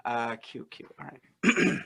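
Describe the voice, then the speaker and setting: A man performing improv comedy, deadpan, playing along in a put-on accent. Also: slow pace.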